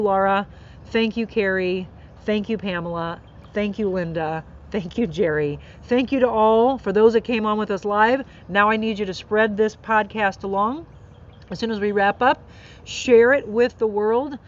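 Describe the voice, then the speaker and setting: A woman's voice: mid-range voice, highs cut off. A woman hosting a live inspirational podcast outdoors, talking earnestly and encouragingly about faith and kindness. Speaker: podcast host. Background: birds and faint outdoor noise.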